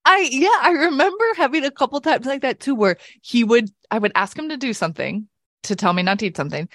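A woman's voice: a little high, lively intonation, quick pace, no echo, clean studio sound. A woman co-hosting a podcast in casual chat, telling stories and acting out quotes. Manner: chatty, acts out quotes. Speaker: podcast co-host.

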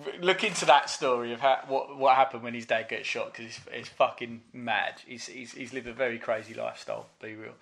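A man's voice: medium pitch, steady tone, a little fast, creaky, hardly any pauses, fairly bright tone, slight background noise. A man co-hosting a podcast in casual chat, enthusiastic, swearing freely and laughing along.

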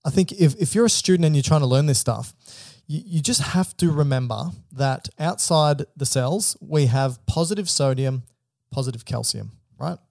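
A man co-hosting an educational podcast, explaining things in plain steps and asking prompting questions in a relaxed chat. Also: a little high, moderate pace, gravelly, hardly any pauses, dry recording, studio quality. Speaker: podcast co-host.

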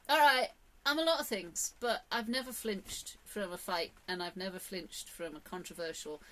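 A woman's voice: a little high, very animated, a little slow, a bit bright. A woman from England with an English accent, talking casually in a rambling, opinionated monologue full of fillers and emphatic bursts. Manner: chatty, rambling, with many fillers and sudden emphatic rises. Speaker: vlogger.

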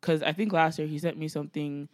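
A woman's voice: low voice, fairly even intonation, quick pace, dry recording. Dry, chatty woman in her twenties. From Nigeria. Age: 20s. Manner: chatty storyteller, acts out quotes loudly, laughs often. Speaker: podcast co-host. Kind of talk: casual chat.

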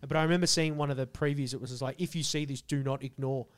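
A man, a podcast co-host telling crude stories in animated, swearing casual chat. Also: mid-range voice, quick pace.

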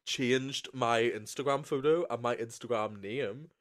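A man's voice: mid-range voice, measured pace, a bit bright. A young man co-hosting a casual podcast, playful and camp, laughing often. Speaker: podcast co-host. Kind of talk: casual chat. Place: indoor room with co-host.

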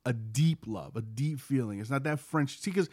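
A man co-hosting a casual faith podcast, sniffly with a cold, explaining things haltingly with many restarts. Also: medium pitch, a little mellow, dry recording, clean studio sound. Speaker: podcast co-host.

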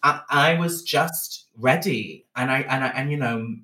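A man's voice: medium pitch, a little slow, bright, forceful tone, echoey room, far from the mic. A man, from Bristol, telling frank, self-mocking stories as a podcast guest. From Bristol, England. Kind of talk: candid storytelling chat.

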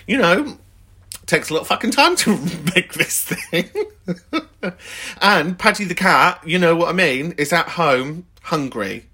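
A man's voice: mid-range voice, sharp tone. A man hosting a call-in podcast, chatting in a camp, teasing way and swearing freely. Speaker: podcast host. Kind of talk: casual chat.

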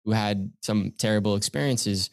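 An earnest young man from Canada tells his story in a measured, low-pitched voice. The recording is dry and close, and he often pauses on "um". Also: creaky, dry recording. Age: young adult. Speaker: guest, keynote speaker. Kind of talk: reflective storytelling in conversation.

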